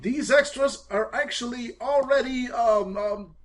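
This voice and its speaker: Slow, high, drawling male player. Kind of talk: casual role-play as a vain movie star.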